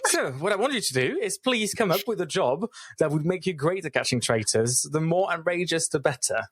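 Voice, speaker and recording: A man's voice: a little high, animated, a little fast, slightly rough, no room sound, clean studio sound. A man co-hosting a casual podcast chat, talking enthusiastically and leading the segments. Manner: chatty, enthusiastic, runs segments. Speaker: podcast co-host.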